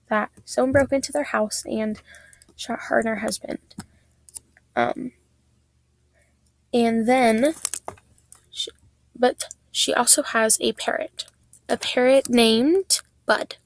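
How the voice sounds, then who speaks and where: A woman's voice: on the high side, no room sound, low-quality recording. A fourteen-year-old girl hosting her own true-crime podcast, telling a case in a casual, chatty way with many fillers and restarts. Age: teens. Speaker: podcast host.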